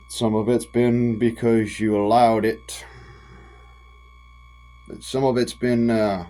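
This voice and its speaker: A man's voice: mid-range voice, darkish tone, poor audio. Profane folksy man ranting. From United States. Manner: folksy and profane, drawn-out emphatic phrasing. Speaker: vlogger. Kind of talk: impassioned direct-to-camera rant.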